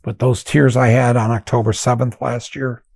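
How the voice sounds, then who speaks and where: Impassioned older man, gravelly and husky. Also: medium pitch, level tone, dry recording, studio quality. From United States. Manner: impassioned, swinging from loud outbursts to hushed, halting reflection. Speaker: podcast host. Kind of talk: emotional monologue.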